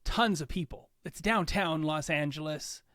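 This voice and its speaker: A man's voice: fairly high pitch, a little slow, fairly bright tone, dry recording, studio quality. A man running a tabletop game as game master, narrating scenes in a chatty, rambling way.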